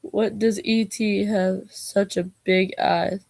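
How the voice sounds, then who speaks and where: A woman's voice: medium pitch, gravelly, a little mellow, no echo. A woman vlogger reading knock-knock jokes aloud, taking both parts herself and breaking off for giggly asides.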